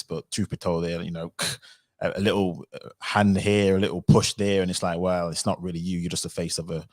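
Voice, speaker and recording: A man's voice: low voice, dry recording, studio quality. A man hosting a livestream panel, talking casually with lots of "um"s and easy agreement. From United Kingdom. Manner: relaxed, filler-heavy, agreeable. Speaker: livestream host.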